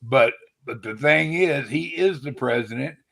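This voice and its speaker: A man arguing in a casual chat, gruff and swearing, cutting in on the others. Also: mid-range voice, a little slow, fairly bright tone. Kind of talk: heated political argument.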